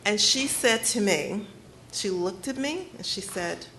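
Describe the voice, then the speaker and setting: A middle-aged woman from Detroit giving a personal storytelling speech at her book launch, measured and earnest with slow, emphatic phrases. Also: mid-range voice, lively intonation, pushed and bright, slight background noise. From Detroit, United States. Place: cafe event space with audience.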